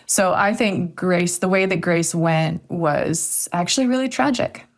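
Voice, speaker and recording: A woman author talks through a story as a podcast guest, reflective and thoughtful. Her voice sits fairly low and has a gravelly, fry-tinged edge. She often hedges her points as she goes. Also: lively intonation, measured pace. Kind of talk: podcast interview conversation.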